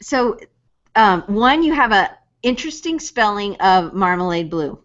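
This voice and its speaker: A woman's voice: mid-range voice, animated, unhurried, fairly bright tone, lo-fi sound. A woman hosting a live-streamed interview, reading out viewer comments and rambling with many ums and restarts. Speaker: interview host.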